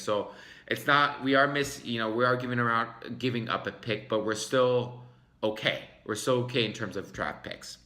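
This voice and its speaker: A man hosting his own sports fan vlog, talking casually to camera with excitable, dramatic swings between loud outbursts and quiet asides. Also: medium pitch.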